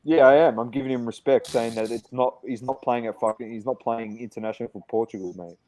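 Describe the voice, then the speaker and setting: A man's voice: medium pitch, fast, warm tone, slight background noise, low-quality recording. A man riffs through a live football watch-along, cheeky and sure of his opinions. His voice sits in an ordinary middle register, and he swears freely as he talks over the game. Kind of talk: casual live-stream banter.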